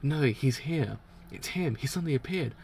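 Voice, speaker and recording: A man's voice: medium pitch, animated, normal speed, vocal fry, heavy background noise. A man voicing a determined young male gang leader, talking urgently and alertly.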